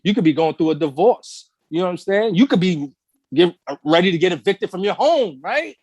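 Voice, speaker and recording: A man talking in a blunt, slangy, impassioned way, his pitch leaping up and down as he drives his points home. The sound is dry and close, with no room around him. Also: a little fast, slightly rough, dry recording. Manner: animated, emphatic storytelling with rhetorical questions. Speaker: podcast co-host. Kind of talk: casual discussion.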